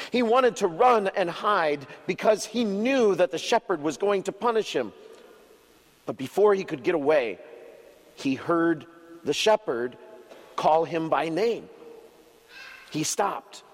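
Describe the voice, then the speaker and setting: Slow, expressive pastor telling a story. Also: male voice, a little high, long reverb tail. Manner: expressive storyteller with dramatic pauses. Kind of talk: children's sermon storytelling.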